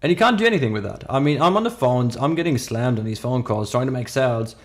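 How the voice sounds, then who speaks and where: This podcast co-host, a man in his thirties, speaks English with a foreign accent at a quick pace, his medium-pitched voice full of lively intonation. Spinning a story in relaxed conversation, he's emphatic and keeps restarting his sentences.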